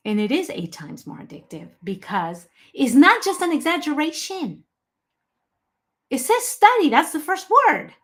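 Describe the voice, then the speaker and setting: A woman's voice: sits high, big pitch swings, a little slow, a bit bright. A woman giving an online health presentation, talking with emphasis and breaking off to apologise and answer viewers by name.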